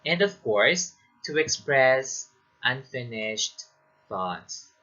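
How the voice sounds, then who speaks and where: A man teaching a recorded lesson on English pronunciation, explaining slowly and reading example sentences aloud. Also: medium pitch, animated, bright, forceful tone, dull audio.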